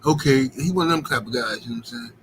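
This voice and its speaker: A man's voice: mid-range voice, quick pace, a bit bright, slight background noise, poor audio. A man hosting a boxing livestream, rambling in slangy casual chat and filling it with "you know what I'm saying.".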